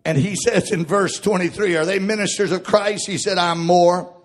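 A man preaching a sermon, shouting in a chanted cadence that drops to quiet reading of scripture. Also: high-pitched, steady tone, normal speed.

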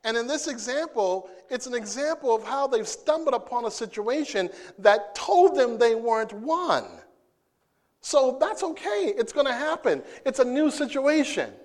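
A man preaching a sermon, playful and animated, who acts out scenes and jokes with the congregation. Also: extremely high pitch, normal speed. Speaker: pastor.

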